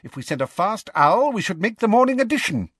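A man voicing a blustering, excitable older male minister with a shrill, barking manner. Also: fairly quick, slightly rough, no room sound, studio quality, full character voice. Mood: gleeful.

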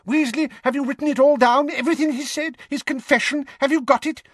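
Man voicing a blustering old male minister, shrill, barking, high-pitched, lively swings. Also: unhurried, breathy edge, dry recording, clean studio sound, heavily acted. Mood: gleeful.

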